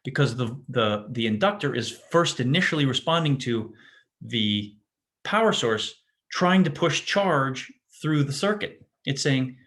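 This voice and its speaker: Brief: male physics teacher, mid-pitched, loose and conversational lecture delivery. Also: animated, a little slow, fairly bright tone. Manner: casual, self-interrupting, checks in with "right?". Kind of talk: classroom lecture.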